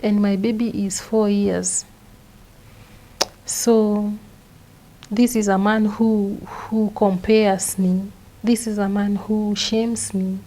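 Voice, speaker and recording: A young woman with a Kenyan accent speaks at a middling pitch. She gives a personal testimony as an interview guest, halting and restarting, repeating words as she lays out events one by one. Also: flat delivery, dark tone, low-quality recording.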